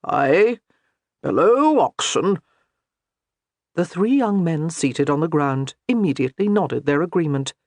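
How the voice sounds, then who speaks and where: Lively, high-voiced male audiobook narrator. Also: normal speed, few pauses, no echo. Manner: expressive storytelling. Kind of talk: scripted narration.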